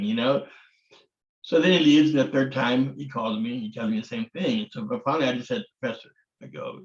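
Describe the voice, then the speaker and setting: A man's voice: mid-range voice, brisk. Blunt older man telling stories, roomy sound. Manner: blunt, swears casually, acts out quoted dialogue. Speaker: martial arts grandmaster. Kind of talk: candid storytelling interview. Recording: roomy, dull lo-fi audio.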